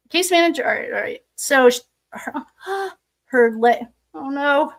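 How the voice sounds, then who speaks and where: A woman with a slightly high voice reads through official records aloud in a casual, thinking-aloud way. She keeps stopping to toss in sarcastic remarks of her own. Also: animated, unhurried, gravelly. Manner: sarcastic asides, thinking aloud while reading. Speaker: true crime commentator. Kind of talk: casual commentary reading documents aloud.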